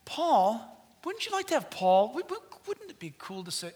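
Middle-aged pastor preaching, high bright voice, swings loud then hushed. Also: male voice, brisk, a little hiss or hum. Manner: animated, swings from shouting to hushed asides. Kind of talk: sermon.

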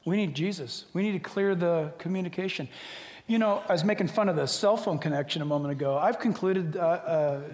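An older man preaching a sermon as a pastor, joking and animated, dropping suddenly to a quiet voice. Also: fairly high pitch, a little fast. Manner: humorous, animated storytelling with sudden drops to quiet. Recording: echoey hall.

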